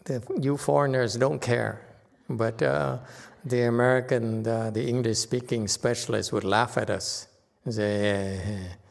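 A man's voice: mid-range voice, steady tone, unhurried, gravelly. A man giving an informal lecture on a sutra, chatty and teasing, often checking in with "okay?". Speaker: Buddhist teacher lecturing on a sutra. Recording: long hall reverb.

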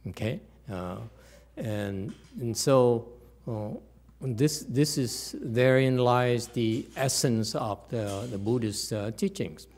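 A man as a Buddhist teacher giving a dharma talk, rhetorical and animated, with many fillers and restarts. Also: medium pitch, takes it slowly.

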